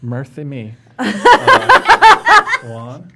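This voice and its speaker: A man's voice: very high-pitched, wildly swooping pitch, extremely slow, heavy background noise. A man playing a board game, gleefully reading card text aloud as he makes his moves. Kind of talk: casual play chat.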